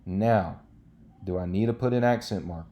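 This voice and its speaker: A man's voice: lowish voice, normal speed, warm tone. A man teaching a recorded Spanish lesson, explaining step by step in a patient way with frequent checks like "okay".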